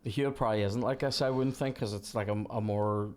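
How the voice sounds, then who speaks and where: A man's voice: fairly low pitch, fairly even intonation, darkish tone. A Northern Irish man hosting a casual podcast chat while playing a video game, swearing freely and telling gig stories. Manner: sweary, storytelling, quick asides. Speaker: podcast host.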